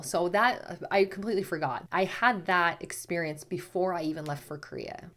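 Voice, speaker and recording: A woman, a spiritual teacher, casually telling a personal story to camera in a chatty way, full of "like" and lively quotes of herself. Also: fairly low pitch, brisk, few pauses. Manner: chatty, lots of "like", animated self-quotes.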